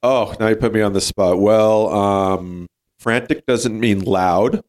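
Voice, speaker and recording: A man's voice: fairly low pitch, steady tone, slow pace, darkish tone. A man co-hosting a podcast in casual chat, wry and joking. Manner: wry, joking and laid-back. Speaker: podcast co-host.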